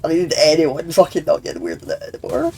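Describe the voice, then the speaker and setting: A man's voice: fairly high pitch, huge pitch swings, fast talker, creaky, a little mellow, husky. A young man, streaming a game and bantering crudely with his chat, rambling and laughing often. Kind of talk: casual gaming stream chat. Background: faint game music.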